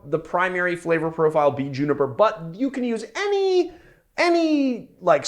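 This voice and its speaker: A young man hosting a cocktail show, chatting in a rambling, playful way with many fillers. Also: on the high side. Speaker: bartender host. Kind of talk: casual cocktail-making show.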